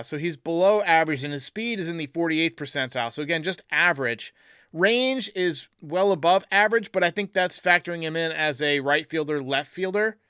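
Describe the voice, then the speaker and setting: A man's voice: fairly high pitch, fairly bright tone, clear, resonant tone, dry recording, clean studio sound. A man hosting a live stream, chatting casually and reading out viewer comments as he thinks aloud. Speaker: podcast host reading live chat.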